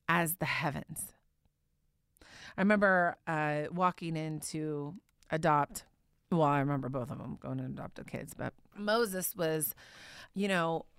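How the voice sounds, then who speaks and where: Low-voiced woman preacher, candid. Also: clear, resonant tone, no echo, clean studio sound. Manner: candid, conversational storytelling. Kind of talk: personal story in a sermon.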